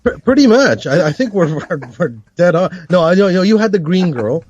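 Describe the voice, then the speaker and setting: A man's voice: sits high, lively intonation, normal speed, a little mellow. Guy co-hosting a podcast, rambly, lots of ups and downs in his voice, kinda muffled dry sound. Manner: rambling, laughs often, many restarts. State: high. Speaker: podcast co-host. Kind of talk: casual chat.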